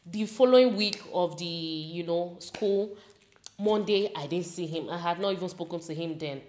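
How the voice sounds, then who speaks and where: A young Nigerian woman with a Nigerian accent, telling a school story in an animated, casual way and slipping into pidgin. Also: fairly low pitch, moderate pace, echoey room. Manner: animated, mixes in pidgin, laughs while telling. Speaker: vlogger.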